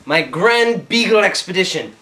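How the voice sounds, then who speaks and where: A performer in an amateur comedy skit plays an earnest, rambling Victorian naturalist, a male character, occasionally lapsing into a mock Australian twang. The voice is medium-pitched, expressive, bright and forceful at a normal speed. It was captured on a distant home video with faint hiss.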